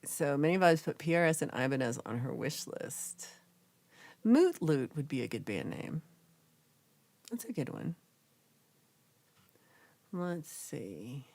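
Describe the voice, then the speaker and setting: A young woman chats through her livestream, reading out viewer comments and reacting as she goes. Her voice sits low, yet her pitch swings widely and animatedly. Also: slow, long pauses. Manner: chatty, reacts with gasps and laughs, animated. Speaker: livestream host reading chat. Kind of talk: casual livestream chat.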